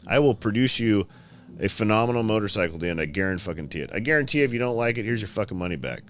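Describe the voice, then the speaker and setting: A custom motorcycle builder tells shop stories in casual podcast talk, profane and animated, acting out his customers. His voice is fairly low and he talks fast.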